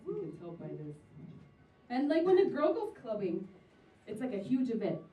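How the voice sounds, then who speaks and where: A woman's voice: a little high, wildly swooping pitch, normal speed, mellow. Sarcastic young woman doing stand-up. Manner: chatty and sarcastic, acting out quoted voices. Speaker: stand-up comedian. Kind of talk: stand-up comedy set. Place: comedy venue stage. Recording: distant roomy live recording, dull sound.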